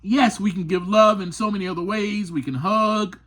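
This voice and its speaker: A man hosting a podcast, telling a personal story in an earnest, emphatic monologue that climbs to passionate peaks and drops to quiet asides. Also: high voice, fairly even intonation, normal speed. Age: adult. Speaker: podcast host.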